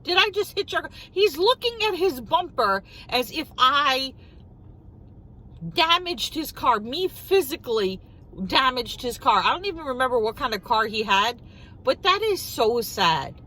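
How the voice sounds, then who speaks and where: A middle-aged woman vlogger tells a story while eating, animated and incredulous, firing off rhetorical questions. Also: high-pitched, measured pace, poor audio.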